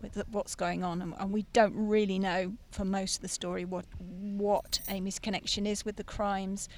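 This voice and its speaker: A woman's voice: medium pitch, flat delivery, moderate pace, darkish tone. A woman author guest on a podcast, explaining her ideas with enthusiasm in casual chat.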